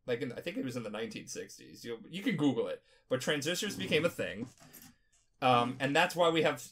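Tipsy podcast guy, rambling and swearing a lot, pitch all over the place. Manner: rambling, profane, animated. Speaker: podcast host. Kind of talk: casual podcast chat.

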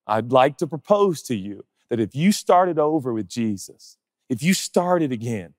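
A male pastor preaching a sermon, animated and conversational, firing off rhetorical questions and chatty asides. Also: mid-range voice, measured pace, no echo, clean studio sound, long reverb tail.

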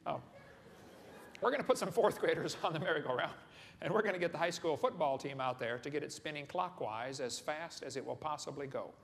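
Speaking briskly in a slightly high, creaky voice, this seminar speaker entertains a live audience in a large hall with a folksy, joking lecture. He regularly puts questions to the crowd, and the echoey hall audio carries faint room noise.

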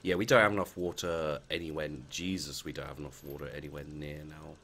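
A man's voice: a bass voice, fairly even intonation, fairly quick, pushed and bright. A man giving casual let's play commentary, muttering to his game characters and swearing freely as he goes.

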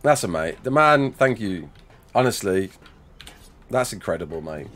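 A man's voice: lowish voice, sing-song, measured pace, fairly bright tone, a little hiss or hum. A man in his thirties chatting casually with his livestream chat while building in a game, reacting with laughs and sudden outbursts.

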